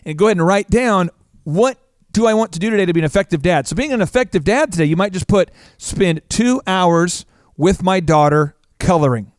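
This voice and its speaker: A man hosting a business talk show as a coach, energetic and animated, telling stories. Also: sits high, brisk, no room sound, clean studio sound. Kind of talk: casual chat.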